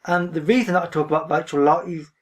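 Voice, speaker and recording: A man's voice: fairly high pitch, fairly even intonation, fast. Reserved man talking from a distance. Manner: reserved, rambling, often says "frankly". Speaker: book vlogger. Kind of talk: casual talk to camera. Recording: voice a bit distant from the mic.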